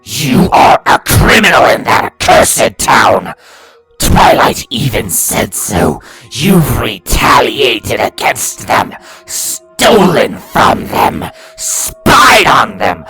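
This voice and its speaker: A man's voice: low-pitched, sing-song, a little slow, a bit bright, husky, soft background music, heavily acted. A man voicing a sinister male inner voice that taunts and accuses the narrator in a storybook reading. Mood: accusing.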